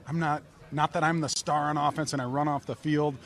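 A man's voice: a little high, level tone, brisk, gravelly. Man, 50s, ex-athlete guest, plain-spoken storyteller. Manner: plain-spoken, stumbling restarts, warm reminiscing. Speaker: former football player, guest. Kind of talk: interview storytelling.

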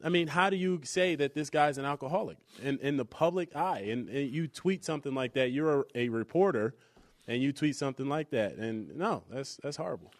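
A man's voice: mid-range voice, animated, fairly quick. Sports show co-host guy, mid voice, rambles a bit, lots of restarts. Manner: conversational, restarts a lot, lots of fillers like 'you know'. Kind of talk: sports talk show chat.

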